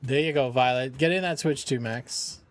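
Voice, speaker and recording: A man's voice: medium pitch, normal speed. A man streaming games for charity, chatting casually with viewers and his dog. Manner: chatty, talks to his dogs and chat. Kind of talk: casual live-stream chat.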